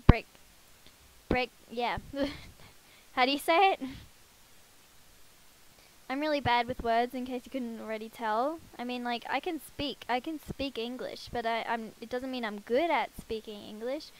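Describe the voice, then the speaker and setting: A woman with a fairly high, unhurried voice gives casual, chatty let's-play commentary on a life-sim game through a headset. She talks to her characters and pokes fun at herself, and the recording is rough.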